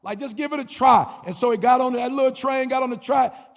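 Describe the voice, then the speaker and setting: A man giving a fiery motivational commencement speech, preacher-like with rhythmic repetition, call-and-response and shouted, half-sung lines. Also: very high voice, a little fast, creaky, hardly any pauses, long reverb tail. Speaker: motivational speaker.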